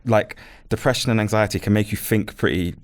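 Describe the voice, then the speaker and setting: Fast-talking deep-voiced British man. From Britain. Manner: earnest, advice-giving. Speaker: podcast guest. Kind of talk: casual chat.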